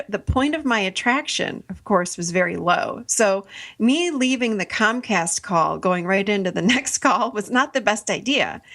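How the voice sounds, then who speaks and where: A woman's voice: mid-range voice, a bit bright. A middle-aged woman hosting a podcast, telling a story casually, laughing often and acting out her own lines. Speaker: podcast host.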